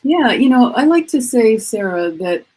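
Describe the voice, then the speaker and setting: A woman in her fifties, a guest coach, chatting casually at home over a video call and telling animated stories. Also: on the high side, moderate pace. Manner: animated, acts out quoted voices. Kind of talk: casual storytelling chat.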